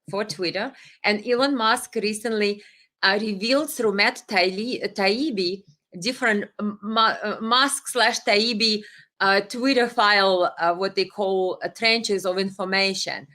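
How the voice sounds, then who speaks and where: A woman hosts a live commentary stream in a voice of ordinary, middle pitch for a woman. She speaks with passion and indignation and stumbles often over fillers and restarts, so it sounds unscripted and heated. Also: bright, forceful tone. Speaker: livestream host. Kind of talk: live political commentary, reading viewer comments.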